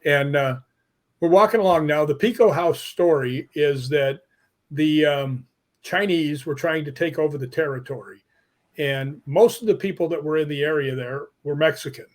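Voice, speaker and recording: Guest storyteller: man, lively and amused, voice sitting a bit high. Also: normal speed. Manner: animated, laughs at his own stories. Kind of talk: casual storytelling. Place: live online show, remote call.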